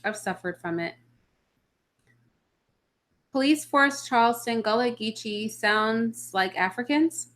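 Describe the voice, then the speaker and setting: Her voice is on the high side and fairly bright, with lively intonation, though she talks slowly and pauses often. She's a mother of children hosting a casual live chat, answering viewers in a blunt, opinionated way.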